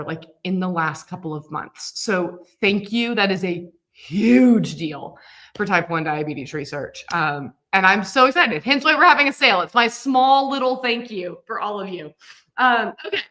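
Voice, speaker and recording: Woman in her 30s, livestream quilting teacher, bright voice, chatty and upbeat. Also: medium pitch. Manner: chatty and upbeat, talking viewers through steps. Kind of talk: live-streamed sewing lesson.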